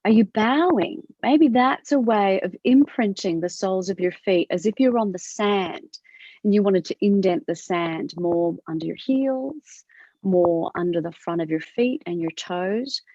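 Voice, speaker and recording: A woman with an Australian accent teaching a movement class over a video call, asking gentle questions with a rising lilt. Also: medium pitch, a little slow, no room sound. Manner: gentle questioning, upward inflection. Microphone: video call from her computer. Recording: dull lo-fi video call audio.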